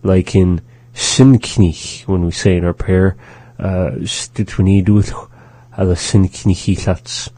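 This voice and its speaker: A man hosting a radio language lesson, slowly and carefully pronouncing phrases and explaining them. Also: low-pitched, flat delivery, mellow, no room sound. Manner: slow, careful pronunciation drills. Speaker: language teacher and show host.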